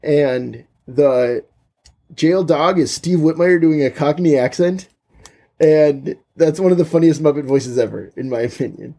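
A man's voice: fairly high pitch, measured pace, mellow. A man co-hosting a podcast in casual chat, joking and slipping into silly voices. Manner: jokey, breaks into silly voices. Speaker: podcast co-host.

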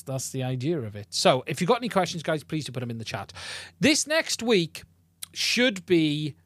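With a medium-pitched, fairly bright voice, a man hosts a casual live-stream podcast, rambling and using many fillers and restarts. The sound, from a podcast mic into a mixing console, has no room sound.

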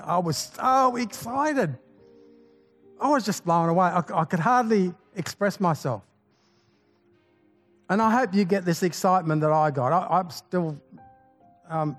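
A man with a notably high voice preaches with fervor, firing off rhetorical questions and folksy jokes. He keeps building toward exclamations of praise. Soft music plays faintly behind him. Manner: exclamatory, rallying the congregation. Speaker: pastor. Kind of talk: sermon.

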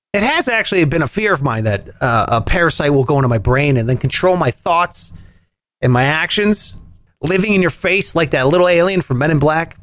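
A man hosting a comedy news rant podcast, jokey and animated, swinging his voice up and down for punchlines. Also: fairly high pitch, a little fast, dry recording. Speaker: podcast host.

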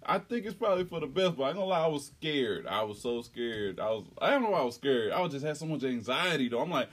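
A young man in casual podcast chat, an animated storyteller who breaks into laughter and squeaky acted-out lines. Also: fast talker, few pauses. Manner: animated, laughing storyteller, swings into high squeals when acting out stories. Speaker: podcast co-host.

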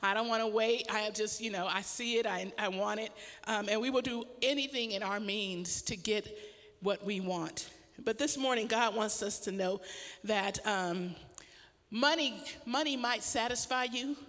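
A woman's voice: mid-range voice, unhurried, big-room sound. A middle-aged woman pastor tells a personal story in a casual sermon, laughing often as she talks. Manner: animated storytelling with frequent laughter.

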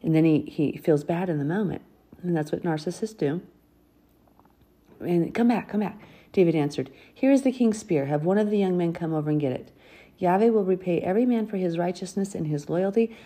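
Husky woman reading and explaining Scripture. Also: on the low side, brisk, dark tone. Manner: earnest, explains verses in a chatty way. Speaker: Bible teacher. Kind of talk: Bible reading with commentary.

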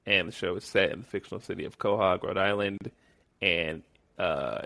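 A man's voice: low voice, moderate pace, gravelly, fairly bright tone, no echo. A man co-hosting a podcast, chatting casually and laughing often as he recaps scenes. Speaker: podcast co-host. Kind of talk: casual chat.

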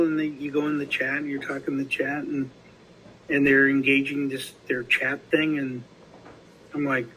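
A man's voice: mid-range voice, level tone, normal speed, long pauses, sharp tone, slight background noise, poor audio. A man hosting a casual recovery podcast, telling a story in rambling fashion with many restarts and fillers. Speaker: podcast host.

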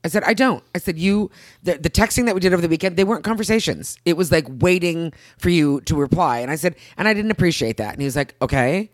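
A woman in her thirties chatting casually as a podcast co-host, acting out quotes with big jumps in pitch. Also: expressive, quick pace, no echo, clean studio sound. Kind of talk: casual chat.

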